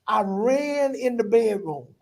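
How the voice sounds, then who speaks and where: A middle-aged pastor telling a personal testimony in a vivid, animated way, in casual vernacular with repeated phrases. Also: male voice, high voice, slow, vocal fry, slight background noise. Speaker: pastor, guest.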